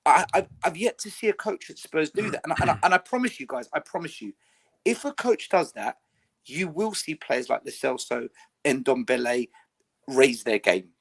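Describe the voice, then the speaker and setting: Man, animated, argumentative, fairly high voice, lively pitch. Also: moderate pace, vocal fry, slightly rough. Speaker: podcast co-host. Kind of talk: casual fan podcast chat.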